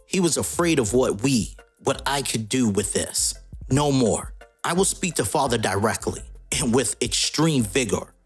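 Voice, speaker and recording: A man's voice: mid-range voice, lively intonation, a little slow, breathy edge, soft background music. A man reading a comic aloud, giving the lines of a power-hungry young male son of a god in his own voice. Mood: threatening.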